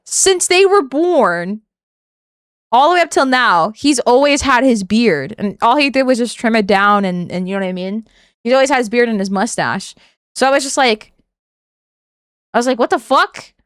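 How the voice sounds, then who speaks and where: A high-pitched woman streamer reacting to a video, blunt and full of swearing. Her voice is recorded dry and close on a streaming mic, with no room sound. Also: animated, moderate pace, smooth, no echo. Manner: blunt, profane, bursts into shrieks and laughter. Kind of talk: casual reaction commentary.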